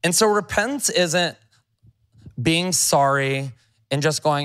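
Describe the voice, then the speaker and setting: Man preaching with a fairly high voice. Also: expressive, moderate pace, a bit bright. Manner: reads scripture aloud and comments in a conversational, emphatic way. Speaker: pastor. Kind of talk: sermon.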